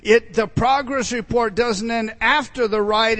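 High-voiced, animated male preacher. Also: normal speed, hardly any pauses. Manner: animated, emphatic preaching with frequent asides to the congregation. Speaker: pastor. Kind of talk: sermon.

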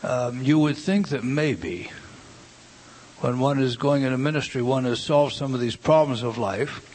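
A man preaching a sermon, emphatic and repetitive, swinging from hushed asides to loud declarations. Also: mid-range voice, a little slow, a little hiss or hum.

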